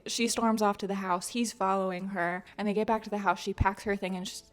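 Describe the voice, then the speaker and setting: A woman's voice: mid-range voice, steady tone, brisk. Chatty woman recapping a book. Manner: chatty, many "like" fillers, laughs often. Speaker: book channel host. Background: faint music.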